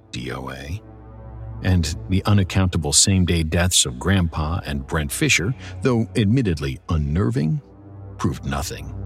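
A man narrating a first-person horror story in a dramatic, measured storytelling manner. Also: very deep voice, a bit bright.

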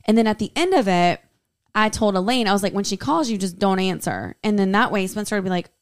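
Animated woman telling a story. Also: medium pitch, fast, clear, resonant tone. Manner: animated storyteller, laughs often. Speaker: podcast co-host. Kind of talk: casual chat.

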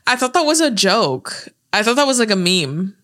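A woman's voice: medium pitch, sing-song, normal speed, a bit bright. A young woman co-hosting a podcast in casual chat, swearing freely, laughing a lot and quoting movie lines. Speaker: podcast co-host.

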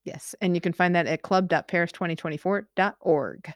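A woman's voice: lowish voice, brisk. A woman co-hosting a podcast, chatting casually and laughing often. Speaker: podcast co-host.

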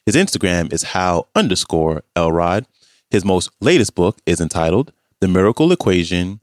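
Deep-voiced man reading a show outro. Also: dry recording, clean studio sound. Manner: reads out links and book titles. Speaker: podcast host. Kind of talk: scripted outro.

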